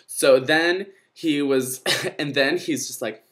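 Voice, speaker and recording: A man's voice: mid-range voice, slow pace, a bit bright. A young man telling a dramatic night-out story to his vlog viewers, gossipy and swearing freely. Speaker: vlogger.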